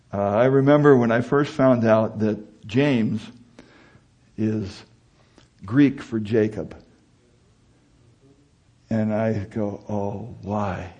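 A man's voice: lowish voice, a little mellow, muffled recording. A middle-aged man preaching a sermon in a conversational way that climbs to emphatic peaks.

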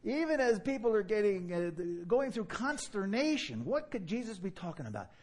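A preacher with a New York accent delivers a lively, fast-talking sermon, laughing and acting out mock dialogue. His husky voice sits a little high for a man, and his pitch swings widely during the exchanges he performs.

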